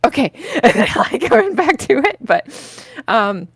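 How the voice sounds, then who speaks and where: A woman's voice: sits high, sing-song, a little slow, creaky, fairly bright tone, breathy edge, dry recording. A woman from Texas with a Texan accent tinged with British sounds, co-hosting a podcast in a chatty, rambling way and laughing often. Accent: Texan with some British influence. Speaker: podcast co-host. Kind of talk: casual chat.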